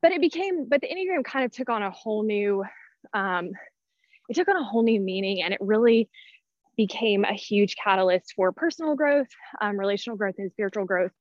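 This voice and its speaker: A woman in her thirties talks briskly in an expressive mid-range voice with no echo. As a podcast guest who teaches personality types, she's out of breath and chats casually, with plenty of fillers and restarts, on a dull, dry lo-fi recording.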